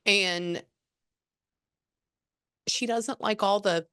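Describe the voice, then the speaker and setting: A woman's voice: medium pitch, fairly even intonation, extremely slow, pushed and bright, smooth. A woman working as a psychic medium, talking casually through a reading and trailing off mid-sentence as she relays messages. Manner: chatty, relays and quotes at length, trails off mid-thought.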